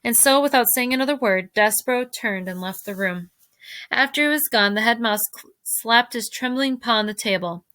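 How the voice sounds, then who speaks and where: A woman teacher reading a novel aloud to her fifth-grade class, expressive and speaking directly to her listeners. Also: on the high side, moderate pace, no room sound.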